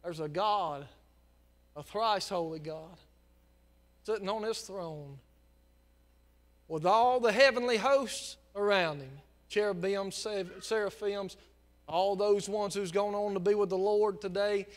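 A male preacher with a fairly high voice delivers a sermon. He drops low and quiet to tell a story, then builds into loud, fervent exhortation. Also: slow pace. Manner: impassioned preaching that swells from quiet storytelling into near-shouting. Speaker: pastor.

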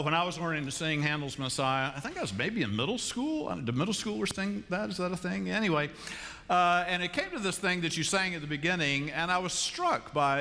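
Middle-aged man, pastor, sermon, conversational storytelling, hushed to animated, mid pitch, long church reverb. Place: large church sanctuary.

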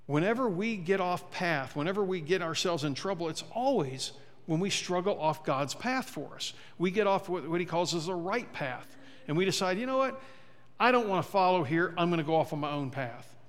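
A man's voice: fairly high pitch, fairly bright tone. Male pastor, chatty and funny sermon delivery, slips into character voices, church hall echo. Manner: conversational, humorous, acts out quoted voices. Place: church sanctuary. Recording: long church hall reverb.

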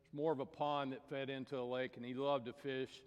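A man's voice: mid-range voice, flat delivery, brisk, clear, resonant tone. A man preaching as pastor, telling stories and jokes in a folksy manner. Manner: folksy storytelling. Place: church sanctuary. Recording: reverberant church hall.

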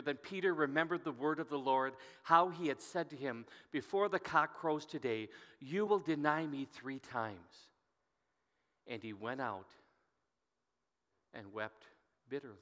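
Male pastor, bright forceful voice, storytelling sermon, reads scripture with rising emphasis, long hall reverb. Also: medium pitch.

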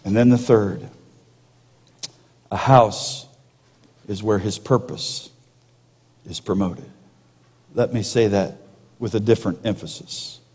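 A male pastor preaching a sermon, slowing down and dropping to a hush for emphasis, with jokey asides to the congregation. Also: fairly low pitch, slightly rough. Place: church sanctuary. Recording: long reverb of a large hall.

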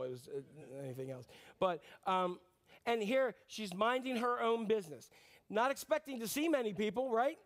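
A middle-aged pastor with a strikingly high voice delivers a sermon. He tells the story in a lively, joking way, acting out the people in it.

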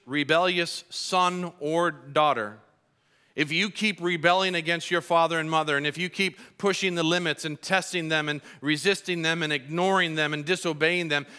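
A man's voice: on the high side, sharp tone, smooth. A man preaching a sermon in church, conversational and humorous, acting out little quotes. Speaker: pastor.

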